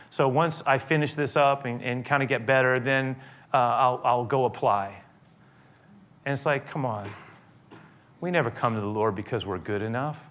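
A middle-aged male pastor preaching a sermon, moving between quiet reflection and rising, emphatic appeals. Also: medium pitch.

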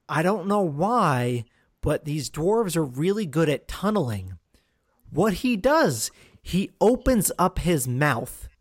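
A man's voice: fairly high pitch, dry recording, clean studio sound. Profane, rambling male podcast host. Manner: rambling, profane, full of fillers and restarts. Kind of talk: casual film review chat.

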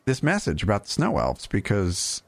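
A man hosting a casual gaming podcast, animated and jokey, with quick asides. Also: on the low side, gravelly. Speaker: podcast host.

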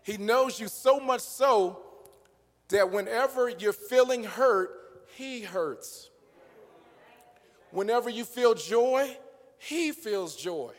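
A man with a high-pitched voice preaches a sermon. He moves between easy, conversational talk and rising, passionate shouts. The sound rings with a long church reverb. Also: lively intonation, slow, long pauses. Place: church sanctuary.

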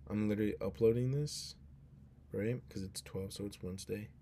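A man's voice: fairly low pitch, steady tone, a little fast, warm tone, a little hiss or hum. A young man hosting a casual solo podcast, talking in an earnest, rambling way and cutting himself off, sounding drowsy. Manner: rambling, earnest, self-interrupting. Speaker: podcast host.

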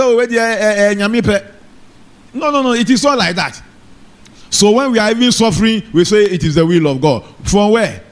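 Preaching a sermon, this pastor has a voice that runs high for a man. He calls and waits for responses, regularly asking the congregation whether they're together and urging them to say amen.

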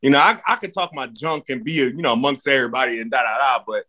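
A man in his late twenties, from the New Jersey and Philadelphia area, speaking as a podcast guest in a measured, joking way. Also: medium pitch, pushed and bright. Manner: measured, self-aware, joking. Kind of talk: casual podcast chat.

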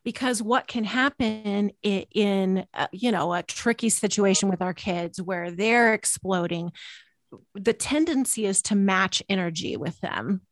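A woman's voice: medium pitch, a little slow, no echo. A woman hosting a parenting podcast, talking in long reflective run-on thoughts. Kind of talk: casual conversational chat.

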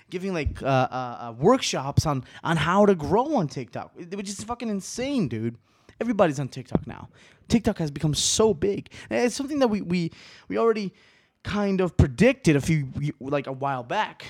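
A man's voice: a little high, a little mellow, no echo, studio quality. A young man hosting a casual solo podcast, rambling, laughing and swearing constantly, sometimes stretching words out. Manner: uneven pace, some words stretched. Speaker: podcast host.

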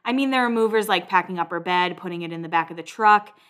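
A woman's voice: fairly low pitch, fast, a bit bright. A woman in her thirties, casually recapping a reality show as a podcast host, laughing often and swearing offhandedly.

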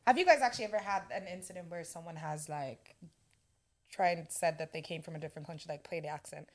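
A woman co-hosting a podcast, telling stories in lively casual chat. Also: low voice, fast talker. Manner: lively storytelling, laughing. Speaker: podcast co-host.

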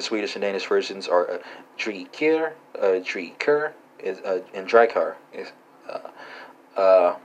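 Halting low-voiced man teaching verbs. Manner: halting, full of "uh" and "right?" tags. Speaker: language teacher. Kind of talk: casual spoken language lesson. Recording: dull lo-fi recording.

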